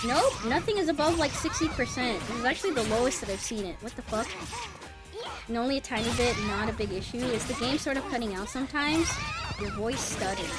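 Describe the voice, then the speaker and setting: Young woman streamer, high voice, playful, swears, game music underneath. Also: a little fast. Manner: playful and loose, swearing, teasing her chat. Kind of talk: casual live-stream chat.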